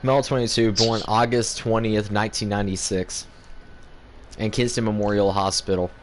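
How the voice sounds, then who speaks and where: A man's voice: lowish voice, little pitch movement, moderate pace, a little hiss or hum. A teenage man from North Carolina, a game streamer bantering crudely and teasingly on a live stream. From North Carolina, USA. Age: teens.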